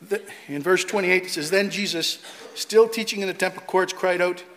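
A middle-aged man preaching a sermon in an animated way, mocking opponents' voices and reading scripture aloud. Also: sits high, moderate pace, hardly any pauses. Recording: long hall reverb.

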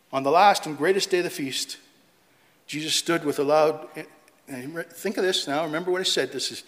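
A middle-aged man preaching a sermon in an animated way, mocking opponents' voices and reading scripture aloud. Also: on the high side, fairly quick. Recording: long hall reverb.

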